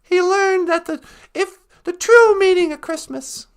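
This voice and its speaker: A woman's voice: extremely high pitch, measured pace. A woman host retelling a story comically in a rambling, loose way, laughing and searching for words. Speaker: podcast host.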